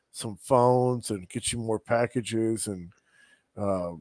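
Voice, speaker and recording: A man's voice: on the low side, slow pace, a little mellow, no room sound, studio quality. A man co-hosting a podcast, telling a rambling anecdote in casual chat and mimicking the people in it. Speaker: podcast co-host.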